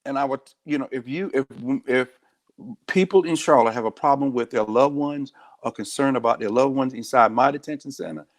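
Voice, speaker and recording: A man's voice: mid-range voice, a little fast. A man, a sheriff speaking as an interview guest, telling stories in a direct, earnest way. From United States. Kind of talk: candid interview talk.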